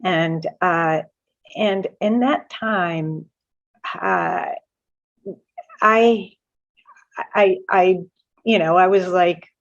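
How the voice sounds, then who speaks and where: Woman guest with a lowish voice; earnest, halting, self-correcting storyteller; dull lo-fi recording. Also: very animated. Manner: earnest, halting with many restarts. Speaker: guest author. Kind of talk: personal spiritual storytelling. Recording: muffled lo-fi audio.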